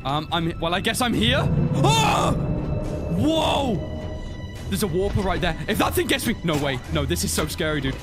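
A man's voice: high voice, sing-song, moderate pace. A man reacting to gameplay in a panicky way, talking to himself. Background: game music.

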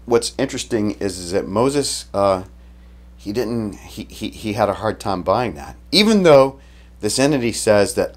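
A man preaching a sermon in a relaxed, conversational way, retelling the story casually and often restarting his sentences. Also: fairly low pitch, normal speed. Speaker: pastor.

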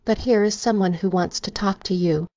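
A woman's voice: medium pitch, moderate pace, darkish tone, no room sound, lightly acted. A woman reading a worried young brother. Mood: urgent. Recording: slightly dull, dry recording.

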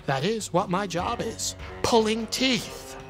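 A man's voice: high-pitched, lively intonation, takes it slowly, fairly bright tone, faint music behind, full character voice. A man voicing a pompous, scheming male mayor who is a game villain and talks in grandiose speeches. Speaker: streamer voicing a game's dialogue.

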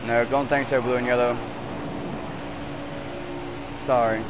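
A man at home snaps profanity-laden trash talk at online racing opponents, heated and ranting to his teammates. His voice sits at an ordinary pitch, picked up by a headset. Air-conditioning hum and noise run under the recording. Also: little pitch movement, quick pace. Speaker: gamer streaming online racing. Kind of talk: angry gaming trash talk.

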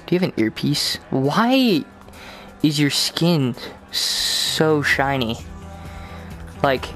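A young adult gamer narrates their VR play loosely, taunting and cursing at the people in the game. The pitch leaps all over the place while the delivery stays slow and drawn out. Faint game music plays behind the voice. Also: sing-song. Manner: rowdy, swearing, talking to game characters; bursts into shouts and loud laughter. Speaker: gaming video host. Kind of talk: casual VR gameplay commentary.

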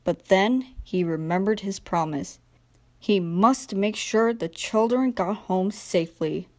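A young woman narrating a children's train storybook in a gentle, expressive read-aloud manner. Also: mid-range voice, a little slow. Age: young adult. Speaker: storybook reader.

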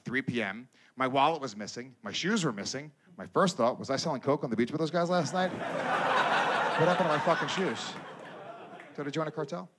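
On a comedy stage before a live audience, a man with a mid-range voice performs stand-up. His delivery is loud and animated, full of profane crowd banter and shouted character voices.

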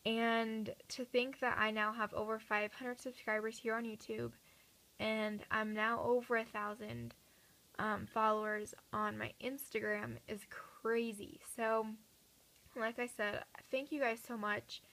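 Teen girl vlogger, higher-pitched, slightly raspy, earnest rambling chat to camera from home. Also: unhurried, a bit bright, poor audio. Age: teens. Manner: chatty, earnest, many fillers and restarts. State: slightly raspy from talking a lot. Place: at home at night.

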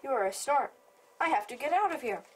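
A woman doing a high anxious baby bird. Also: lively intonation, brisk, slightly rough, low-quality recording. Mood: insistent. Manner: high pleading childlike cries. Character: small lost baby bird, anxious and eager.

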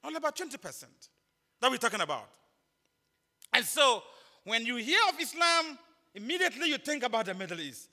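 Very high-pitched and very animated, a northern Ghanaian man preaches to students at a chapel conference in a Ghanaian accent, pushing his bright voice a little fast with long pauses. He stresses and repeats key points, trades jokes with the students, and the big chapel gives a long reverb.

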